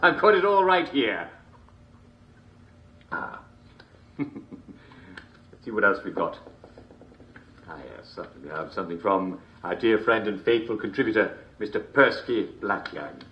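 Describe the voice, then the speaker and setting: Uncle Jack, a chuckling show host. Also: male voice, fairly low pitch, sing-song, a little slow, long pauses, muffled recording, slight background noise. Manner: chuckles constantly between lines, chummy showman patter. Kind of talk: video game character performance.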